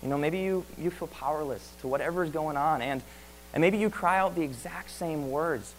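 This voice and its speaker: An earnest male preacher delivering a sermon, full of rhetorical questions and stammered repeats. His voice sits a little higher than most men's. A faint hum runs beneath the recording. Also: normal speed, poor audio.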